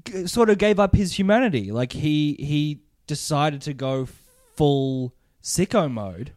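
A man's voice: a little high, expressive, measured pace, a little mellow, no echo, clean studio sound. A man co-hosting a casual podcast, joking and laughing often while recapping a TV episode. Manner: jokey, laughs often, short agreeing replies. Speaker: podcast co-host.

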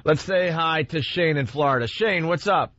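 A man hosting a radio talk show, rambling through his stories with a lot of restarts and fillers. His voice sits a bit high, and the broadcast sound is muffled and dull. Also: normal speed, a bit bright, a little hiss or hum. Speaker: radio host. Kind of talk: casual radio banter.

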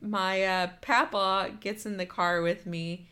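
Candid, bright-voiced woman telling a story. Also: mid-range voice, fairly even intonation, slow. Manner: candid, swears freely, laughs through the story. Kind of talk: casual chat, storytelling.

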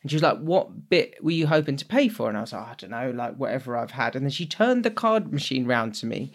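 A man's voice: medium pitch, big pitch swings, fast talker. A young man co-hosting a podcast, telling anecdotes in casual chat and laughing often. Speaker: podcast co-host.

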